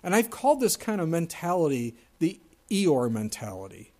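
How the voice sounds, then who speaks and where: A man preaching a sermon in an earnest, conversational way, moving between loud and quiet passages and reading scripture aloud. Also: a little high, sing-song, moderate pace. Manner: earnest, conversational preaching with wide swings in loudness. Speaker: pastor.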